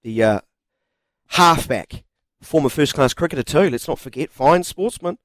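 A man's voice: on the high side, expressive, normal speed, a bit bright, dry recording. A man co-hosting a sports radio show, chatty and jokey. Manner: chatty, reads quotes aloud, jokey. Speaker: radio co-host. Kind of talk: casual sports radio chat.

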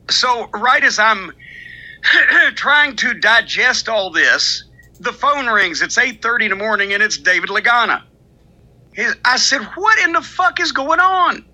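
An older man hosting a podcast, spinning a profane story in loose casual chat. His voice sits high and cuts through with a very bright, forceful edge. He mocks the people he quotes with sharp put-on voices. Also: poor audio. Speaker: podcast host.

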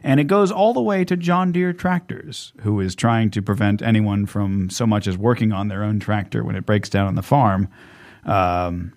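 A man hosting a podcast in casual chat, rambling and animated, swearing freely. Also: lowish voice, moderate pace. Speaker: podcast host.

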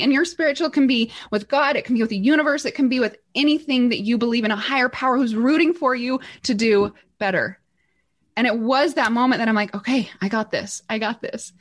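A woman telling a motivational story, animated, acting out the voices in her quotes with big jumps in pitch. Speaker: guest speaker.

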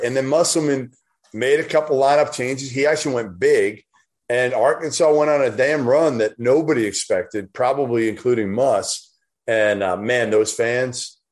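A man co-hosting a sports talk show, speaking in a plain mid-range voice. He talks bluntly and with emphasis. Mild swearing slips in as he holds forth. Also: medium pitch. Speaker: podcast co-host. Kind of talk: casual sports chat.

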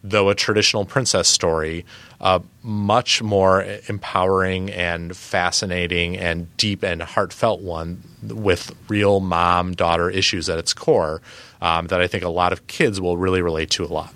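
A man co-hosting a podcast, talking in a measured, thoughtful way in casual chat. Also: low voice, steady tone, fairly bright tone, no room sound. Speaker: podcast co-host.

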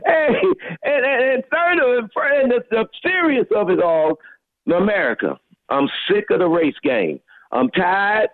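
A man's voice: sits high, very animated, measured pace, dry recording. A male caller from Houston, Texas, ranting emphatically with a preacher-like cadence to a talk radio host. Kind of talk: fired-up call-in rant. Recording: phone line.

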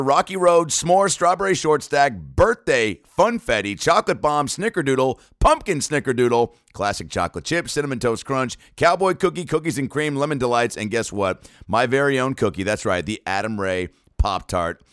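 A man hosting a podcast, reading ads with playful asides and quick self-corrections. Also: medium pitch, fairly bright tone, dry recording, studio quality. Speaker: podcast host.

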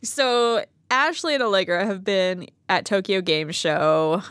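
A woman hosting a casual podcast chat, playful and quick to laugh. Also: mid-range voice, fairly bright tone, dry recording, clean studio sound. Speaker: podcast host.

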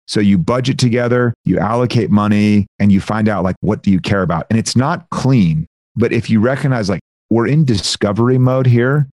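Male founder guest, low voice, chatty and animated, dry studio sound. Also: dry recording. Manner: animated, explanatory, lots of "like" and "you know". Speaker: budgeting software founder, guest. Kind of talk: casual interview conversation.

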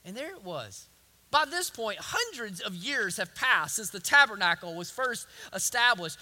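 A man with a strikingly high voice delivers a sermon as a pastor. His tone is sharp and piercing, and he drives each point home with emphatic repetition. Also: sing-song, normal speed.

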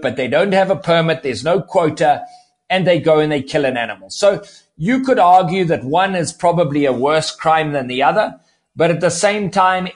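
A man speaking as a conservationist guest in an interview, explaining at length and repeating words as he starts sentences. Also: fairly high pitch. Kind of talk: podcast interview.

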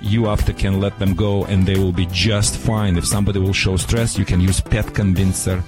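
A man with a Russian accent giving animated, theatrical dog-training advice on a radio show in broken English. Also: low-pitched, moderate pace, music in the background.

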